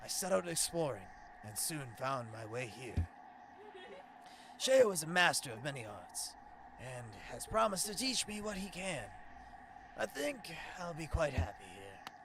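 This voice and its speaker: A laid-back bug smith, voiced by a man who drawls in a dreamy stoner voice. It is fairly high and gravelly, with a lot of rise and fall. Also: sing-song, measured pace, background noise.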